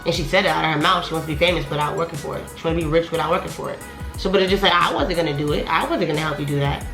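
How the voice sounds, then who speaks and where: A young woman vlogger telling a heated storytime, profane and animated, her voice climbing higher when she gets worked up. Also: racing. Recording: echoey room with faint music.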